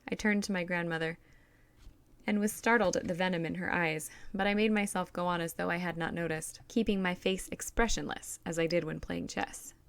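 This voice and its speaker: A woman reads a novel aloud in first person, keeping a steady, even storytelling pace. Her voice is low and gravelly, and the recording is close and dry with no room sound. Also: brisk, no echo. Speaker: audiobook reader.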